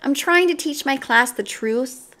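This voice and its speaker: A woman's voice: high-pitched, unhurried, sharp tone. A woman doing a prim schoolteacher addressing her class. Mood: instructive.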